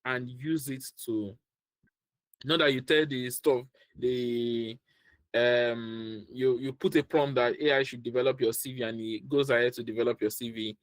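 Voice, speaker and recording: A man with a Nigerian accent coaching a group on a video call, with a direct, repetitive and animated way of talking. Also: medium pitch, measured pace, no echo, low-quality recording. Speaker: career coach. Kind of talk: online training session.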